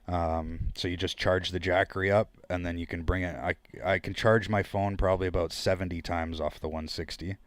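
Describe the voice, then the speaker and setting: A man's voice: low-pitched, flat delivery, a little fast, hardly any pauses, no room sound. A Canadian man with a Canadian accent, chatting casually on his livestream and rambling to his viewers. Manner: rambling, chatty, talks to chat. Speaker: livestream host.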